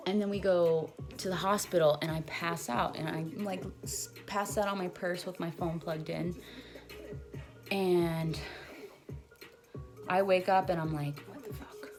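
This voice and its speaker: A woman's voice: on the low side, fairly even intonation, unhurried, pauses often. A young woman in her twenties telling a long, rambling personal story in a casual vlog, full of "like" fillers. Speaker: vlogger. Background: music.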